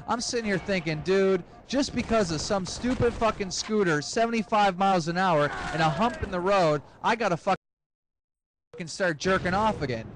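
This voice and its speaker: Young guy, high voice, profane comic storyteller doing bits of voices, faint hiss behind. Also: a bit bright, poor audio. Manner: profane, acts out characters in quick high voices. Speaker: comedic storyteller. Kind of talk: rambling comic story with crude jokes.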